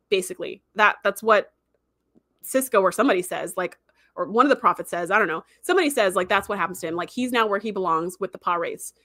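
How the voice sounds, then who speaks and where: A woman hosting a livestream, recapping a show in a chatty, animated way full of "like" and "um.". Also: medium pitch, no room sound. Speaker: livestream host. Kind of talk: casual episode recap.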